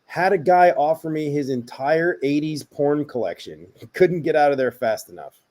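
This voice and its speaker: A man's voice: on the high side, lively intonation, moderate pace, a little mellow. A man co-hosting a podcast, reading listener stories aloud in casual, dry chat. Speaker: podcast co-host.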